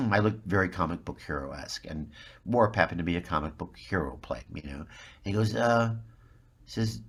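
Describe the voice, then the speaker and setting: A man's voice: low voice, moderate pace, slight background noise. A man in his seventies, a guest actor, telling a long rambling anecdote and acting out the people in it. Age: 70s. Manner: rambling, animated storyteller who acts out the people he quotes. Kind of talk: anecdotal storytelling.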